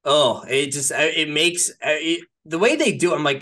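A man's voice: fairly high pitch, normal speed, sharp tone. A man chats loosely about a movie on a podcast. His sentences wander and restart, and nearly every phrase is padded with "like" or a checking "right?". He drops in a casual curse now and then. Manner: rambling, peppers speech with "like" and "right?"; swears casually. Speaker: podcast co-host. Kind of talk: casual film discussion.

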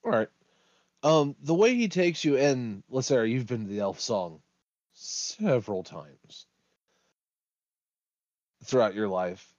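A man runs a tabletop game as game master, narrating in a halting way and restarting his sentences. His voice sits at a middle pitch, and the recording is dry, dull and lo-fi. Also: lively intonation, darkish tone, no room sound.

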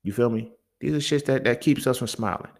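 A man's voice: medium pitch, fast talker, darkish tone. A young man hosting a solo podcast, talking in a heated, profane way and often asking the listener if they feel him. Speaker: podcast host. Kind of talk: casual monologue.

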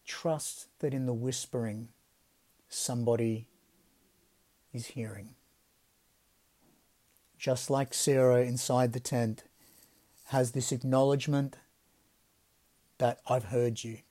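A man hosting a devotional podcast, speaking in a gentle, reflective way that often drops to soft, quiet phrasing. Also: medium pitch, little pitch movement, slow pace, long pauses. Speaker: podcast host.

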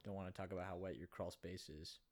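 A man chatting casually with friends, joking and rambling, now and then bursting into loud mock-angry impressions. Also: low-pitched, steady tone, fast talker. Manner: jokey, bursts into shouted impressions. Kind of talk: casual chat.

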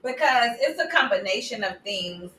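Woman, talk show guest, frank and chatty, high bright voice, roomy echo. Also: animated, normal speed, far from the mic. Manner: laughs easily, frank and chatty. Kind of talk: casual chat. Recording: roomy echo, faint noise.

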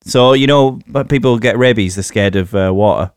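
A man's voice: lowish voice, moderate pace, clean tone, no echo, studio quality. A man from England, a podcast co-host in a casual chat, ranting bluntly about his pet hates. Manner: blunt, grumbling rants.

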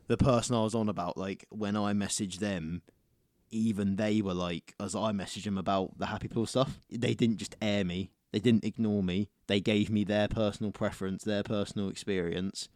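A man's voice: lowish voice, steady tone, moderate pace, darkish tone, dry recording, studio quality. A young man co-hosting a casual podcast chat, talking bluntly and swearing freely, with emphatic repetition. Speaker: podcast co-host.

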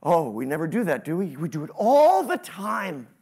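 A man preaching a sermon, with sudden rises in pitch and volume and questions to the congregation. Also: huge pitch swings, moderate pace, darkish tone, slightly rough. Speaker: pastor.

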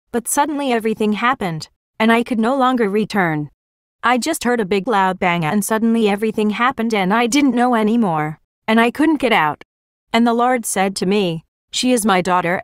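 A woman's voice: medium pitch, dry recording, studio quality. Woman solemnly narrating a prophetic vision.

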